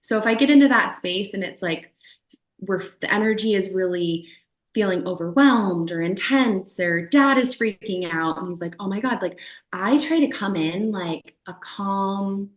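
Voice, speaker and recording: A woman doula talking casually as a podcast guest, lively, often acting out what clients and partners say. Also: medium pitch, measured pace. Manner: animated, acts out quoted voices of clients. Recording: roomy echo.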